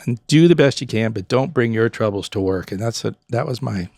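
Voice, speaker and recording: A middle-aged man and former pub owner chatting on a podcast, an animated storyteller who acts out customers and staff in quick little voices. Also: medium pitch, gravelly, no room sound, studio quality. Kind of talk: casual podcast conversation.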